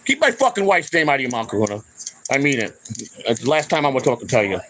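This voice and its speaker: A man's voice: medium pitch, sing-song, fast talker, a bit bright, a little hiss or hum, poor audio. Older man in a profane rant. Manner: heated, profane, confrontational; repeats himself, trails off into restarts. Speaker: channel host. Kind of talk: unscripted angry rant to camera.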